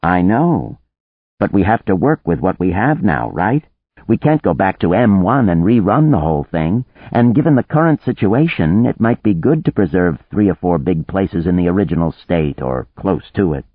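A man's voice: low voice, sing-song, moderate pace, breathy edge, no echo, exaggerated voice. A man as an earnest, coaxing negotiator. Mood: persuasive. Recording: narrow phone-like band, dry.

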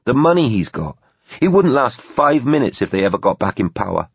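Audiobook: a male narrator raising his pitch for a blunt, streetwise young woman with husky, slangy delivery. Dull, dry sound. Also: sing-song, a little fast, no room sound, exaggerated voice.

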